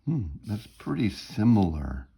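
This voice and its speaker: A man's voice: on the low side, very animated, unhurried, creaky, dark tone, husky. A man teaching music theory in a recorded lecture, explaining step by step, humming bits of melody and often checking in with "right?".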